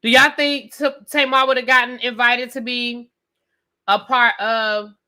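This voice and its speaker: A sassy woman hosts a live rant, talking straight to her chat and repeating questions for emphasis. Her voice sits a little high and comes through bright and forceful. She keeps an animated, loose, conversational flow. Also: a little slow. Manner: sassy, talks straight to chat with "y'all" and "baby". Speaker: host of a live review stream.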